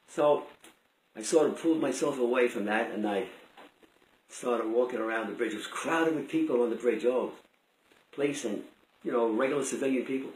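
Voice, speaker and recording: An older man tells a personal story out loud, rambling and restarting in a conversational way. His voice sits at an ordinary pitch for a man. The recording has a clear room echo. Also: moderate pace, long pauses. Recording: roomy echo.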